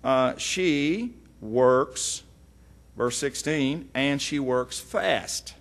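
A middle-aged man, teaching from the Bible in a folksy, animated way with frequent asides. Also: mid-range voice, very slow. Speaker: preacher.

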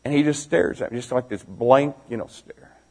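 A male youth pastor with a medium-pitched voice and moderate pace preaches a storytelling sermon to young people. He swings from shouting to hushed near-whispers and fires direct questions at his listeners.

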